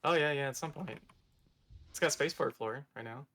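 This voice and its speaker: A man's voice: medium pitch, brisk, fairly bright tone. Easygoing man chatting mid-game. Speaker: teammate on voice chat. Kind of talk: casual game chat.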